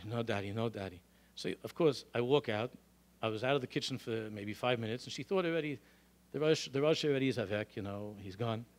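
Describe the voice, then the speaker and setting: A middle-aged male rabbi lecturing a congregation in a synagogue, telling animated stories and throwing out rhetorical questions. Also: mid-range voice, a little fast. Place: synagogue hall.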